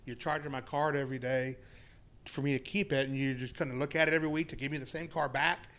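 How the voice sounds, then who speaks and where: A man's voice: medium pitch, fairly even intonation, fast talker, fairly bright tone. A man telling a rambling, profane story in casual podcast chat. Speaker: podcast guest.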